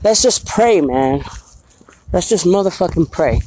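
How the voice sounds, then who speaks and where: Filming her casual street vlog on a handheld phone at night, a woman talks bluntly and with profanity, often tossing in "you feel me." Her voice is fairly low, expressive and a little slow, with background noise behind it.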